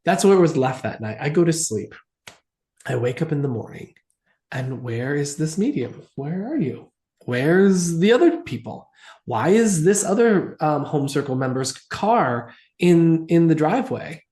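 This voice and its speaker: A man, an interview guest, recounting events in an animated storytelling manner and acting out the dialogue. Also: fairly high pitch, measured pace. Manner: animated, acts out quoted dialogue. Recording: roomy echo.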